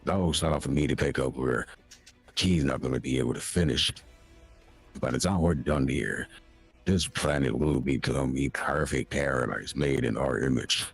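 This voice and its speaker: A man voicing a grandiose, menacing male villain in a tabletop role-play game, with a gravelly, husky voice. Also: extremely low pitch, faint music behind, exaggerated voice. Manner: slow grandiose villain monologue.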